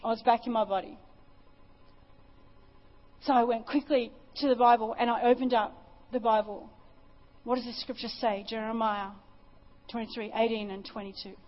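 A woman's voice: a little high, fairly even intonation, normal speed, long pauses, dull audio. A woman preacher giving an impassioned sermon and testimony at a church service, often repeating her phrases.

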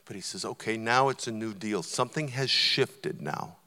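A man preaching a sermon, telling stories and building to loud, emphatic points. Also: lowish voice, normal speed. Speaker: visiting preacher. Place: church auditorium. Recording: long church hall reverb.

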